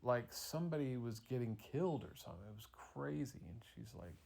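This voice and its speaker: Gravelly dad improvising a story. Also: male voice, medium pitch, a little fast. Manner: relaxed, rambling, playful with fillers. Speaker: father telling a bedtime story.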